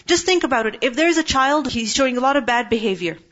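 A woman in her thirties teaching an Islamic class in a calm, conversational way, often checking in with her listeners. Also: sits high, fast talker. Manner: calm, conversational, many tag questions. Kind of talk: religious class talk. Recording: dull lo-fi recording.

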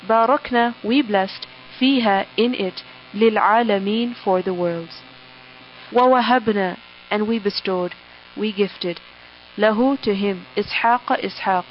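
A woman teaching a word-by-word translation of the Quran, reading each word and then giving its English meaning in short, measured phrases. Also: mid-range voice. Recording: dull audio with faint mains hum.

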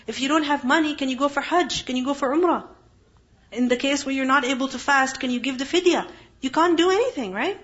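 A woman's voice: high-pitched, brisk, fairly bright tone. Woman teaching a Quran lesson. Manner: explains Arabic terms, asks rhetorical questions, acts out examples. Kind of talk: religious lesson. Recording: dull lo-fi recording.

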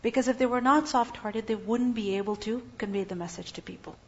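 A woman's voice: fairly high pitch, a little fast. A woman giving an Islamic lesson, asking her listeners questions and then answering them herself. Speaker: religious teacher. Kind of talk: Islamic lecture. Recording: dull lo-fi recording.

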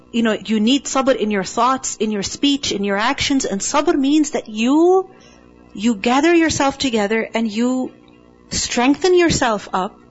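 A woman with a high voice teaches a class on the meaning of a Quranic word. She speaks with firm emphasis and keeps checking in with quick rhetorical questions. The recording sounds dull and lo-fi, with faint music behind her.

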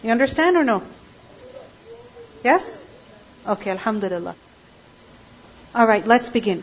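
High-voiced woman teaching a class. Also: lively intonation, normal speed, pauses often, husky, dull audio. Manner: asks the class frequent checking questions. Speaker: Quran teacher.

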